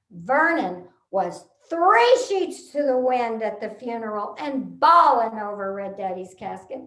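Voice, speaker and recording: A woman from Texas delivers a humorous speech, swooping high and low with animated, punchline-driven timing. She speaks slowly and leaves deliberate pauses before each payoff. Her voice rings through a roomy, echoey space. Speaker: contest speaker.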